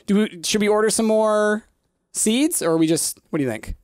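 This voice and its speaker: A man's voice: high voice, normal speed, darkish tone, smooth, no echo, clean studio sound. A man hosting a casual gaming session, chatty and playful, laughing often. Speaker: gaming video host. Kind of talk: casual gameplay chat.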